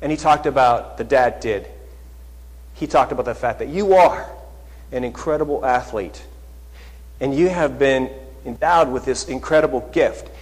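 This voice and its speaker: A man preaching a sermon as pastor, conversational, asking his congregation rhetorical questions and moving between louder and softer passages. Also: medium pitch, normal speed. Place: church sanctuary. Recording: long reverb of a large hall.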